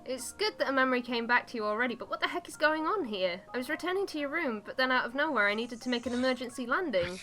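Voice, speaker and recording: A woman's voice: high voice, expressive, fast talker, hardly any pauses, sharp tone, soft background music, voice pushed up. A woman voicing a small, fussy male spirit who asks flustered questions in a game dub.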